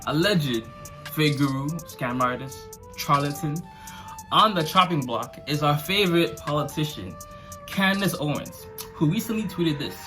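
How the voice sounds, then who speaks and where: A man's voice: a little high, animated, moderate pace, music in the background. A man hosting a casual commentary vlog, talking in slangy, sarcastic and mocking asides. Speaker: commentary channel host.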